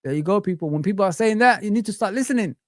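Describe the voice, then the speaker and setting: A man's voice: sits high, expressive, rapid-fire, no echo. Young male streamer, exasperated swearing rant, dry close mic. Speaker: fan channel livestream host. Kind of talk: casual livestream rant.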